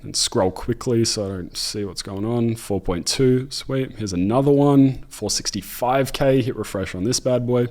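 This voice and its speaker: A man's voice: mid-range voice, moderate pace, few pauses, a little mellow. Upbeat Australian man in his twenties. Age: 20s. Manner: upbeat, jokey, self-deprecating. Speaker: online business creator. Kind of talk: casual direct-to-camera talk.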